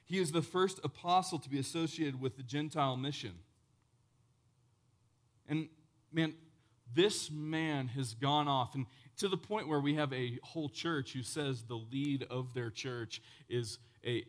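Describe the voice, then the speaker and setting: A male pastor delivering a sermon in a middle-pitched voice. He swings from loud, fervent exclamations down to quiet, solemn stretches. Along the way he drops in casual, chatty asides. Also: measured pace. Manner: conversational asides with "man" and casual humor.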